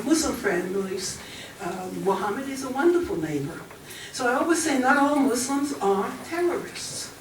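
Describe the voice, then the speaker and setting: An older woman with a German accent addresses a college audience in a chatty manner, often pausing with fillers. Her voice sits fairly high. It reaches the mic from a distance across a large echoey hall with faint background noise. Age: 80s. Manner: warm, chatty, pauses with fillers. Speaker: guest speaker.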